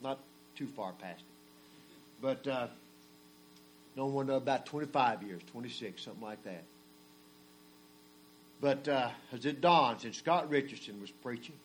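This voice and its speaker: A man, preaching a sermon and swinging from soft murmurs to loud, drawn-out cries. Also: medium pitch, a little hiss or hum. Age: 40s.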